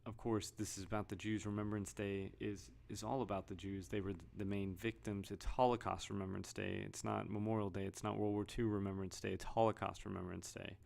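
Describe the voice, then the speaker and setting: A man talks through his thoughts in a loose, rambling vlog. His voice sits fairly low, with a gravelly fry, and he often restarts his sentences and reads headlines aloud. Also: level tone, fairly quick, few pauses, a little mellow. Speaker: vlogger. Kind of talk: casual commentary.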